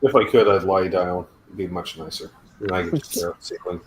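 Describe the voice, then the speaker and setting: A man hosting a birthday live stream, chatting casually with friends in a relaxed, joking manner. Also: sits low, fairly quick. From Canada. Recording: roomy sound with faint noise.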